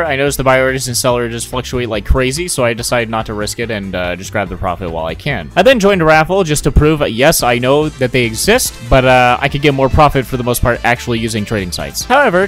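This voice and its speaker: A young man giving sarcastic, excitable voice-over commentary on his gaming, cursing freely. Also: medium pitch. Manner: excitable, sarcastic, swears a lot. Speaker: gaming YouTuber.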